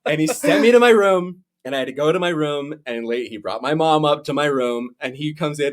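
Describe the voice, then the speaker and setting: Man, young adult, podcast co-host, animated storyteller, casual chat. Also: a little high, a little fast, few pauses. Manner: animated storyteller, acts out quotes.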